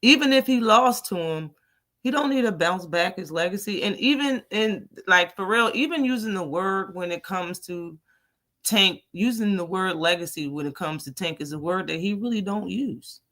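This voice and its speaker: Animated woman hosting a boxing stream. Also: medium pitch, moderate pace. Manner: blunt, animated, laughs often, reads out chat. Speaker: boxing talk show host. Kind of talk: live-stream casual commentary.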